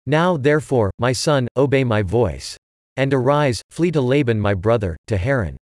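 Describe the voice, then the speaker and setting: An anxious mother urges her son to run for his life, voiced by a man reading scripture. The reading stays measured and unadorned. The recording is dry and close. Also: mid-range voice, lively intonation, a little mellow, no room sound, close to an everyday voice. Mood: urgent.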